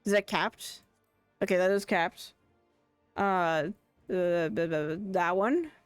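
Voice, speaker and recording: A woman streaming a game live, chatty and excitable, thinking aloud and restarting her sentences. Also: fairly low pitch, slow pace, smooth, no echo, faint music behind. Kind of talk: casual live gaming commentary.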